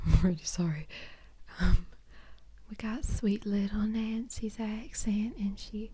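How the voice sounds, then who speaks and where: A woman's voice: medium pitch, very animated, slow, pauses often, dark tone, husky. A woman in a whispered ASMR chat, rambling and self-deprecating with lots of ums. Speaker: ASMR creator.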